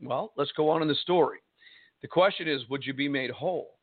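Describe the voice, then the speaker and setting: Emphatic radio preacher, high voice, thin phone-line sound. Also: male voice. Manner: emphatic, drawn-out preaching with rhetorical questions. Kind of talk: radio sermon. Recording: tinny phone-line broadcast.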